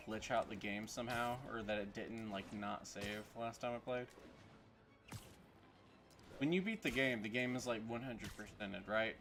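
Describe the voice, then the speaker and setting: A man with a Southern American accent chats casually while streaming a game, rambling and poking fun at himself. His pitch sits in the middle, with faint music underneath. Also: a bit bright. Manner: jokey, rambling, self-mocking. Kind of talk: casual gaming stream commentary.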